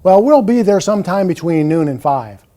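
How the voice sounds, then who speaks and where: A man reading as a cheerful small business founder, reassuring callers on hold. The voice is high and expressive with a mellow tone. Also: normal speed. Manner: friendly, reassuring sales pitch. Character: small business owner recording phone greeting. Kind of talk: scripted on-hold message.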